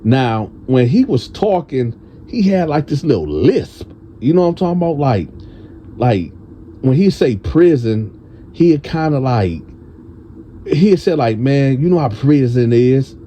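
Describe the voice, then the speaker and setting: A man tells a prison storytime in a loose, animated, casual way. His voice is very dark and mellow, and he plays out the other people's lines himself. A faint noise hums under the recording. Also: measured pace. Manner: animated, acts out friends' voices in a higher pitch.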